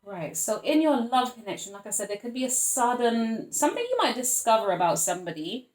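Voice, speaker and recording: A woman's voice: a little high, big pitch swings, fairly quick, a little mellow, reverberant. A woman giving a casual tarot reading, chatty and blunt, swearing freely as she talks to her viewers. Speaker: tarot reader.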